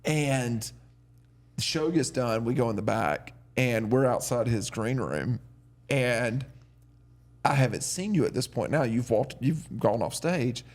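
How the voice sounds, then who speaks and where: A man's voice: mid-range voice, lively intonation, unhurried. A man hosting a casual podcast chat, telling a story in an easygoing way. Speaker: host.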